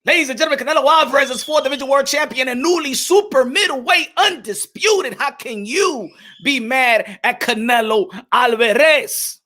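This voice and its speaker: A boxing channel host with a high, bright, ringing voice gives loud, energetic commentary at a moderate pace. He shouts out viewers and sprinkles in Spanish phrases.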